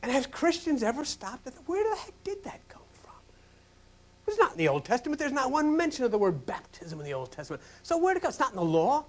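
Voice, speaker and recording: Animated older preacher, dramatic whispers. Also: male voice, extremely high pitch, fast talker, hardly any pauses. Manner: dramatic, swings from loud exclamations to hushed whispers. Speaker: pastor. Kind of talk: sermon.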